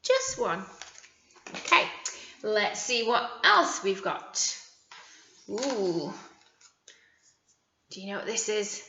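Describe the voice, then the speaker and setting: A woman teacher with a British accent leading a young children's phonics lesson, modelling words slowly and encouragingly. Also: mid-range voice, big pitch swings, sharp tone, slight background noise. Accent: British English. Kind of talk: early years phonics lesson. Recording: echoey room, dull lo-fi sound.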